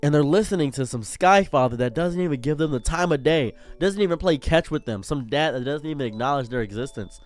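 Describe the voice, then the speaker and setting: An impassioned young man rants with a slightly high voice, his anger spilling over until he is close to tears. Faint music plays under his talk. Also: animated, brisk, few pauses. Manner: impassioned, swinging from angry to near tears. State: holding back tears. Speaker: streamer. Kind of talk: emotional commentary rant.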